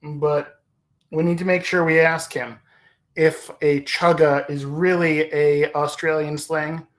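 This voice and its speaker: A man hosting a livestream in casual chat, rambling and hesitant, with many pauses and self-corrections. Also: on the high side, little pitch movement. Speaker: livestream host.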